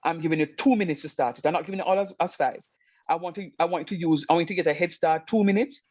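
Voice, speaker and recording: A man teaches math online, shifting from emphatic stories into steady explanation. His voice sits a bit high. The call audio is dry and dull, with a lo-fi edge. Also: quick pace, no echo. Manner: animated storytelling, emphatic.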